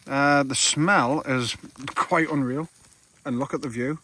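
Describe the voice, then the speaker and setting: A man's voice: mid-range voice, steady tone, slow pace, sharp tone, a little hiss or hum. A man in his thirties with a Geordie accent, hosting a casual camping vlog outdoors by a campfire at night, chatty and swearing freely. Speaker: vlogger host.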